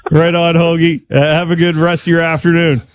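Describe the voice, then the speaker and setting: A man's voice: a little high, monotone, brisk, dull audio, slight background noise. A man hosting a radio sports show, asking friendly and joking questions in a casual interview.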